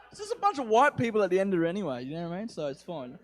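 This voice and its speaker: A young man doing a rambling, profane stand-up set, with an accent somewhere between English and Australian. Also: sits high. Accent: mixed English and Australian. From England. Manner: rambling, profane, self-mocking. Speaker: stand-up comedian.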